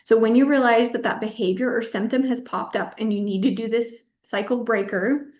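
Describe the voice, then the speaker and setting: A woman teaches a workshop in an encouraging way, doubling up words to stress her points. Her voice sits a little high. The sound is echoey and slightly dull, as if recorded in a bare room. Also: brisk. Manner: warm encouraging teacher, repeats words for emphasis. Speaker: pelvic health physical therapist teaching a workshop. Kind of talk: workshop presentation.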